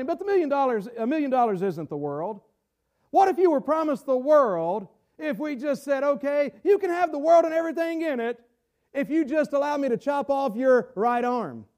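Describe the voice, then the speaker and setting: Pastor preaching, very high voice, repeats himself, builds up to shouting. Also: male voice, expressive, fairly quick. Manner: stumbles and repeats words, rising to shouts for emphasis. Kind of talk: sermon. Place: church sanctuary. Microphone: camera-recorded.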